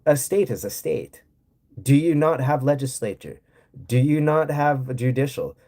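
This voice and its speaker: A man's voice: mid-range voice, animated, measured pace, mellow. A man from Montana chatting with his livestream audience in a casual, profane and sarcastic rant. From Montana, USA. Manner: profane, blunt, sarcastic ranting. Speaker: streamer answering chat. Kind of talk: casual ranting livestream chat.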